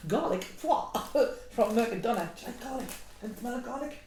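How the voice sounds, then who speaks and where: A woman's voice: on the high side, expressive, brisk. A woman hosting a casual home cooking vlog, chatty and self-mocking with frequent giggles. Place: home kitchen. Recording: echoey room, noisy background.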